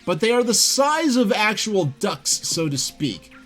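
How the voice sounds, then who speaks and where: A man's voice: high-pitched, very animated, measured pace, fairly bright tone, soft background music. A man reading an old comic aloud on a stream, with rambling, hesitant asides. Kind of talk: casual commentary and reading aloud. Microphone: desk mic at computer.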